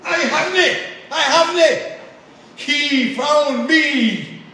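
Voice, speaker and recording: A fervent preacher with a thick Glaswegian accent, as a man puts him on. The voice leaps high and loud. It is heard from afar in a strongly echoing church. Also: slow pace, recorded from a distance, full character voice. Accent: Glaswegian, put on.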